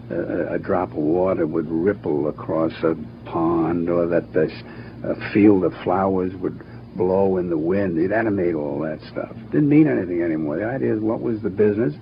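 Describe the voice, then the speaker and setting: An older man with a low, gravelly voice tells stories about his work in a brisk, anecdotal way. He sometimes acts out what people said. The recording is dull with a faint hiss. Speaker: cartoon producer and director. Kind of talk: interview, reminiscing.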